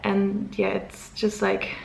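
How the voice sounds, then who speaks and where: A woman's voice: mid-range voice, monotone, slow pace, creaky. A young woman from Luxembourg, chatting casually to camera and rambling with self-corrections. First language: German. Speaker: vlogger. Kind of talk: casual chat. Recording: echoey room.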